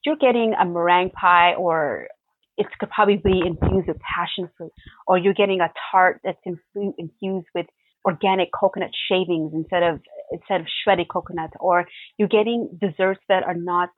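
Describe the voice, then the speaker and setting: A young woman chef telling her stories with lively animation, laughing as she goes. The sound is tinny and narrow like a phone call, and bone dry with no room around it. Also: on the low side, normal speed, no echo. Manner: animated storytelling, laughs often. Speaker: pastry chef guest. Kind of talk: casual interview answers.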